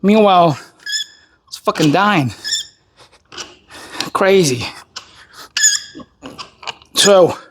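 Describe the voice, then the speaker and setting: A man's voice: high-pitched, lively intonation, very slow, long pauses, slight background noise. A man who is an army veteran, tired and worn down, speaking in a blunt and heavily profane casual monologue. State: tired, worn down by recent illness.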